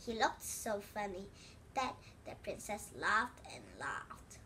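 Bright, slow woman reading a storybook. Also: medium pitch, very animated, a little hiss or hum. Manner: slow, careful read-aloud delivery. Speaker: storybook reader. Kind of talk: reading a children's book aloud.

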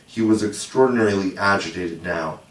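A man narrating a classic children's novel as an audiobook, measured and gently expressive. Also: deep voice, far from the mic. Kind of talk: audiobook reading. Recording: roomy echo, voice set back from the mic.

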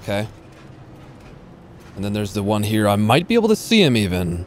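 A man's voice: fairly low pitch, wildly swooping pitch, normal speed, pauses often, a little hiss or hum. A man casually commentating his own live gameplay, slangy and swearing freely. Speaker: streamer.

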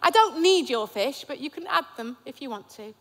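A gentle, patient man calls out kindly, as a woman preacher voices him in a sermon. The voice sits high and echoes through a church hall with long reverb. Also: animated, normal speed. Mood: gentle, coaxing.

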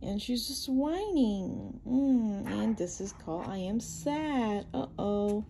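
A woman reads a children's picture book aloud for her channel, pausing to explain each page in plain, simple words. She talks slowly and unhurriedly, in a soft, mellow voice. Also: mid-range voice, animated, gravelly, slight background noise.

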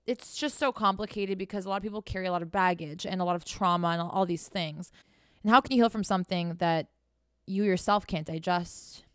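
A woman's voice: fairly low pitch, fairly even intonation, fairly quick, a bit bright, clean tone, no room sound, clean studio sound. A woman talking straight to the viewer in a candid motivational monologue, blunt, profane and sarcastic, scolding the listener directly. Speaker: host.

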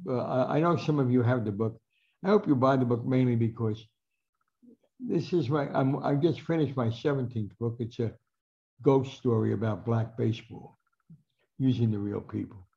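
A man's voice: medium pitch, lively intonation, moderate pace, creaky, mellow. An older man from New Jersey giving a storytelling talk as a guest speaker, acting out the quoted lines of his anecdotes. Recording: muffled lo-fi recording.

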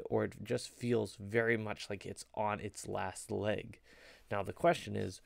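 A man's voice: fairly low pitch, vocal fry, smooth, no echo. A young man talking casually to camera as a video creator, rambling a little with plenty of fillers. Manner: conversational, rambling, many fillers. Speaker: photo editing video creator. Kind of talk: casual vlog commentary.

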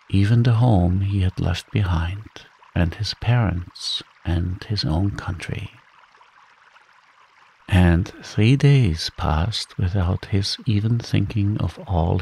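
A man reading a bedtime story in a calm, soothing way, taking his time over every phrase. His voice is low, gravelly and very husky, with a breathy texture. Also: low-quality recording. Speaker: narrator.

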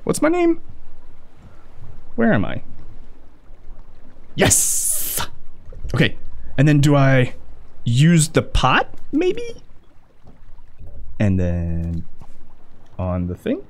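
A man talks through a video game while playing it, excitable and full of jokes and curses. He speaks slowly, but his pitch swoops wildly between low mutters and high yelps. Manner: excitable, swearing, joking to himself; blind gamer. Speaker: let's play gamer. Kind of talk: gaming commentary.

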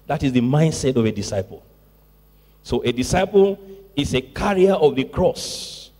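Preaching to his congregation, a man speaks in an animated, mid-range voice with a darkish tone at a moderate pace. He puts weight on key words, repeats phrases, and calls out to the room, and the church sanctuary gives a long reverb.

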